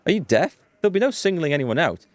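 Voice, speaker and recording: A man's voice: fairly high pitch, sing-song, fast talker, dry recording, voice pushed up. A man reading the lines of a sly, challenging woman in a gang in a game. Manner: cutting, challenging. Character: cool, sly female gang member.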